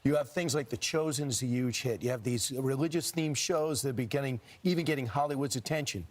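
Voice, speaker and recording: A man's voice: medium pitch, a little fast. A man co-hosting a morning talk show, joking and bantering. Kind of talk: casual chat.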